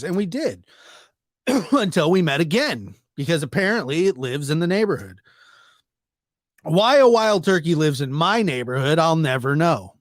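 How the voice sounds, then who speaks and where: Animated man telling a comic story. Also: normal speed, pauses often, dry recording, studio quality. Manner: animated, acts out characters with jumps in pitch. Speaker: stand-up comedian. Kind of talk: comedic storytelling monologue.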